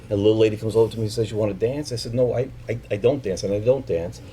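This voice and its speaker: A middle-aged man telling a personal story live, animated and profane as he acts out the people in it, then quiet and halting when he speaks about his family. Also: on the low side, a little hiss or hum.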